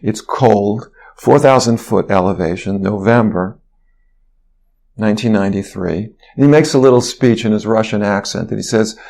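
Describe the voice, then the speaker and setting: A man's voice: lowish voice, moderate pace, gravelly, darkish tone. A man, a physician guest on an interview show, telling a long anecdote in a rambling way, with fillers and restarts. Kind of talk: storytelling interview.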